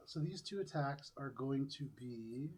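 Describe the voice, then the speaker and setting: A man running a tabletop game as game master, narrating casually with frequent throat-clearing and fillers. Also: mid-range voice, expressive, a little slow, darkish tone.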